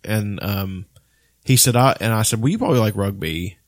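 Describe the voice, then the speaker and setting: A man's voice: on the low side, moderate pace, dry recording, studio quality. A man in casual podcast chat, telling rambling stories full of restarts and swearing. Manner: rambling storyteller, swears often, many restarts.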